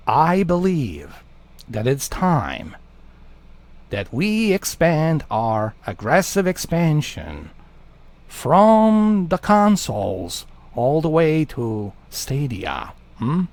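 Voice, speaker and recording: A man putting on a menacing male villain voice with a slow, drawn-out delivery. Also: fairly high pitch, wildly swooping pitch, a little mellow, exaggerated voice. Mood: scheming. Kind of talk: put-on villain voice in a gaming vlog.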